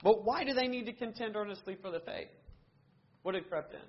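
A man's voice: high voice, fairly quick, dull audio. A man teaching a Bible study class, earnestly asking questions and answering them himself, with frequent restarts.

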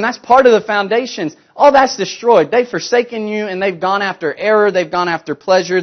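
A man with a high voice preaches a sermon, pressing his listeners with rhetorical questions. He swings from emphatic, louder passages down to hushed, low ones. The recording sounds dull and lo-fi.

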